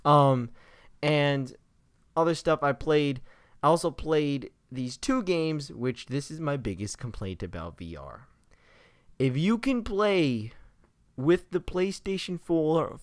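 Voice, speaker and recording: A young man giving casual, excited impressions of games he played, rambling with fillers and restarts. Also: on the high side, no echo, studio quality. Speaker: gaming vlogger.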